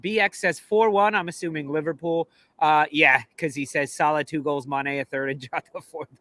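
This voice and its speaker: A man's voice: a little high, fairly even intonation, moderate pace, bright, forceful tone, no echo. A man hosting a casual football fan show, teasing his co-hosts and reading out viewer comments. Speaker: show host.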